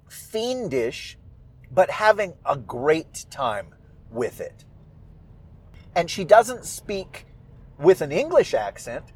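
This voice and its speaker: A man talks unhurriedly about his own writing, and his pitch rises and falls freely as he muses aloud. His tone is self-amused and reflective. The sound is dry and close, with no room echo. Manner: musing, animated, self-amused. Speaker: writer and audio drama performer. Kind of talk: casual reflective monologue.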